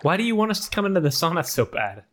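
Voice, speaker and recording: A man's voice: high voice, very animated, very fast, a bit bright, a little hiss or hum, pitched above the performer's own voice. A man voicing a petty male chipmunk who nags and needles his partner in improv comedy. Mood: needling. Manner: nagging, needling, argumentative. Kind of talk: improv comedy role-play.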